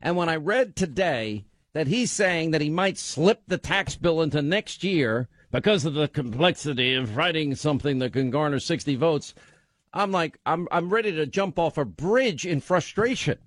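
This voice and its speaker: A middle-aged man hosts a call-in radio show, ranting forcefully with a frustrated edge. His voice sits a little high. The studio sound is dry and close. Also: animated, normal speed, no room sound. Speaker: radio talk show host.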